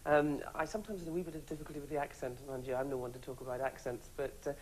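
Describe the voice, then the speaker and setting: A woman judges talent acts in a chatty, conversational way. She talks fast. Faint noise sits behind her. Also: rumbling low, steady tone, a little mellow, low-quality recording. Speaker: panel judge.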